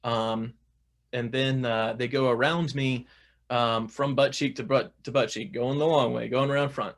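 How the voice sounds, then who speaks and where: Gravelly-voiced man chatting casually. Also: mid-range voice, steady tone, a little slow. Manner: chatty, many fillers and restarts. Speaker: guest. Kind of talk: casual interview talk.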